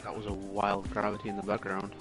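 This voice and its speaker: A man's voice: on the low side, completely flat delivery, quick pace, over music. A man co-commentating a racing stream in casual chat, with dry, easygoing banter.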